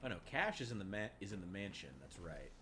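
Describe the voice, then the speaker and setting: A man streaming a game, giving rambling casual commentary with many fillers and restarts, sometimes getting excitable. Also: low voice, fast talker, slight background noise.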